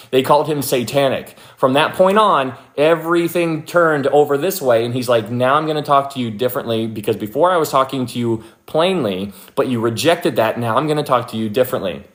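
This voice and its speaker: A young man giving an informal Bible talk, chatty and full of fillers, getting animated as he acts out little scenes. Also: medium pitch. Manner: informal, many fillers like "like" and "you know", animated when acting out scenes. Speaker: Bible teacher. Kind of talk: casual Bible study talk.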